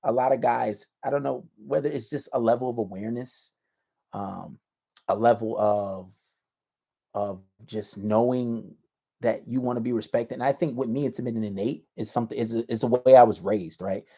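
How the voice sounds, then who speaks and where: Confident male advice host, blunt and slangy, mid-pitched, lecturing tone. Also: normal speed, creaky, mellow, husky. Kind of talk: casual advice monologue to camera.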